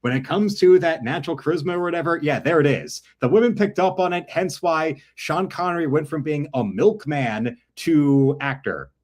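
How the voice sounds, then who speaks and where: A man's voice: on the high side, normal speed, hardly any pauses, a little mellow. Rambling man commenting on films. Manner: rambling, self-correcting.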